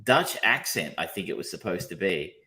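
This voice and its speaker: A man's voice: deep voice, expressive, normal speed, bright, forceful tone. Rambling, hesitant man chatting about films. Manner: rambling, hesitant, lots of um and restarts, swears casually. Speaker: podcast co-host reviewing films. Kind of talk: casual chat.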